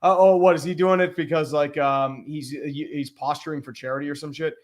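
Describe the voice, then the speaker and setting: A man's voice: fairly high pitch, steady tone, a little fast. A man hosting a casual sports livestream, talking in a blunt, rambling, profanity-heavy way. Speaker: podcast host.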